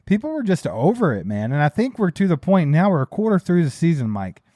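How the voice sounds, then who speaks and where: A man co-hosting a casual sports talk show, talking in a relaxed but frustrated way and laughing along. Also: on the high side, a little fast, no echo, clean studio sound. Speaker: podcast co-host.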